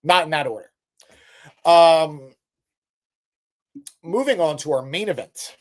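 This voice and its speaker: A man with a slightly raised pitch co-hosts a casual live stream. He reads viewer comments aloud and answers them off the cuff, with joking swears. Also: lively intonation, takes it slowly. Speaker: podcast co-host reading live chat.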